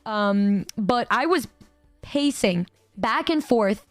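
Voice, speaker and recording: High-voiced, excitable young woman streamer. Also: takes it slowly, dry recording, soft background music. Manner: excitable and rambling, swears freely, laughs often. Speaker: VTuber streamer. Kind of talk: casual storytelling to a stream chat.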